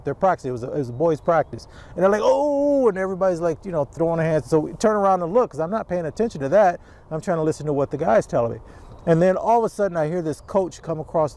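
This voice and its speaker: A man's voice: a little high, a little mellow. A middle-aged man hosting a casual vlog, talking to camera outdoors in a rambling way with lots of restarts. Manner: rambling, restarts, acts out quotes. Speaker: channel host, youth sports business owner.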